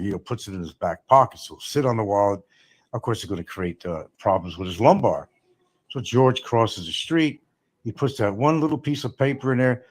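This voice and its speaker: A male livestream host riffing sarcastically and rambling between chat comments. His pitch sits in the middle but swings widely, jumping up when he mocks and dropping low when he mutters. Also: very animated, normal speed, husky.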